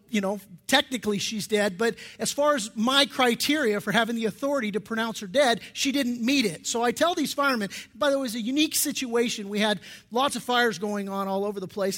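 High-voiced man preaching, conversational and emphatic. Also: a bit bright. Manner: conversational and emphatic, with frequent restarts. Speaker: pastor. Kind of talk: sermon.

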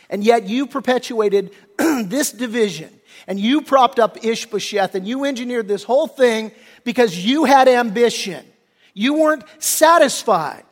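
High-voiced pastor preaching in a reverberant hall. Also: male voice. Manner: casual, conversational preaching with slangy paraphrases; frequent throat clearing. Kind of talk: sermon.

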